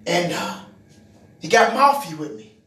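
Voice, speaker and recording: A man's voice: sits high, expressive, unhurried, pushed and bright, reverberant, distant mic. A man telling a personal testimony, repeating words and restarting his sentences, building to emphatic moments. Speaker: speaker giving a personal testimony. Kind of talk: testimony storytelling.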